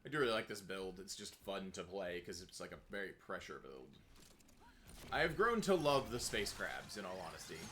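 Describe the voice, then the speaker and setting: Man gaming on stream, wry and talkative, bright tone, faint room hum. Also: deep voice, very animated, moderate pace. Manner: wry, explains game lore at length. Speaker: streamer playing a game. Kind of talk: casual gaming chat.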